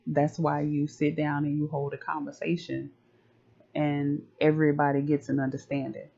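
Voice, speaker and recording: A man's voice: fairly high pitch, monotone, moderate pace, gravelly, a little mellow, breathy edge. A man who coaches on relationships, giving casual advice in loose slang and acting out family conversations. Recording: slightly dull lo-fi audio.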